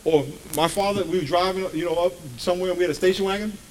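A pastor preaching a sermon, swinging between loud bursts and hushed asides. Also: male voice, high voice, steady tone, fast, a little hiss or hum, rough recording.

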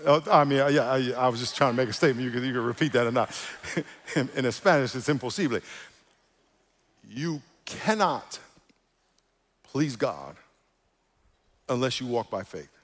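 A male pastor preaching, animated, moving between quiet asides and loud emphatic calls to the congregation. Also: mid-range voice, normal speed, long pauses. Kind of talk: sermon. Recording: reverberant church hall.

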